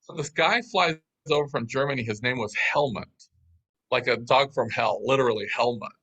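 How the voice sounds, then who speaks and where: Animated storytelling man, bright voice. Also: medium pitch, normal speed, poor audio. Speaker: guest. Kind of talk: storytelling in an interview.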